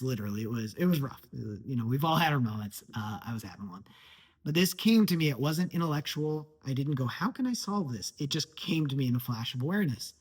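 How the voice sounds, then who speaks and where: A man's voice: mid-range voice, husky. A man giving an earnest motivational talk as a life coach, stressing points by repetition.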